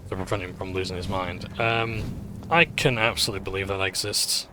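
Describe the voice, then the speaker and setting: A man gives casual commentary while he plays a game, rambling and hesitant. His voice is on the low side. Clear background noise sits under the recording. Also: fairly even intonation, fairly quick. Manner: rambling, hesitant, full of fillers. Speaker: gaming channel host.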